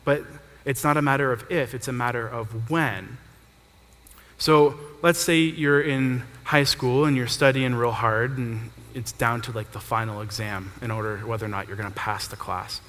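A man's voice: medium pitch, steady tone, moderate pace, fairly bright tone. A young man who is a pastor, giving a conversational sermon built on everyday examples. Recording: reverberant hall.

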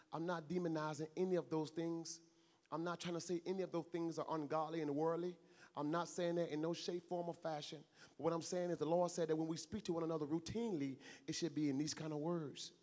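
A man's voice: fairly high pitch, darkish tone. A man preaching an earnest, conversational sermon, repeating phrases and acting out everyday dialogue. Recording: long hall reverb.

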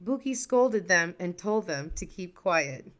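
A woman narrating a folktale in a lively, expressive storytelling voice. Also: lowish voice, measured pace.

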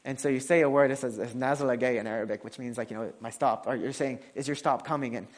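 A man's voice: medium pitch, steady tone, fast talker. A man preaching a conversational sermon in a casual way, with frequent restarts and fillers while telling a personal story.

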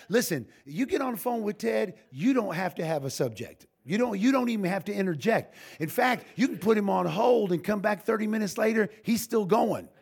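A man's voice: high voice, gravelly, a little mellow, slightly rough. An older man, a pastor, giving an informal sermon full of humorous stories, folksy and joking, with frequent restarts.

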